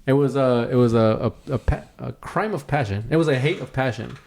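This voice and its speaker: A man co-hosting a podcast, telling a story in casual chat, acting out other people's lines with sudden jumps in pitch and lots of swearing. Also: fairly quick, creaky. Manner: animated, acts out quotes with big pitch jumps, swears a lot. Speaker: podcast co-host.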